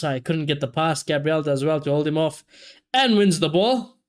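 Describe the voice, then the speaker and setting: A man, casually commentating a football match for his live chat and reacting loudly to chances. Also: a little high, normal speed, clean tone. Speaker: streamer hosting a football watchalong.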